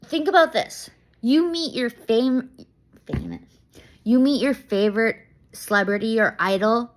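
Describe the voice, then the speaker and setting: A young woman talking casually to camera in a vlog, rambling and excitable, laughing often and restarting her sentences. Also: on the high side, unhurried. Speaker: vlogger. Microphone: camera mic.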